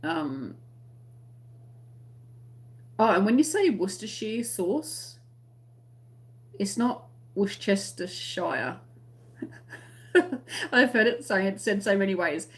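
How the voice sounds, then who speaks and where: A woman with an Australian accent chats casually on a crochet live stream and reads out viewers' comments as they arrive. Her voice sits at a middle pitch, and she keeps the talk friendly and light, laughing often between remarks. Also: big pitch swings, slow, long pauses. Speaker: crochet channel host.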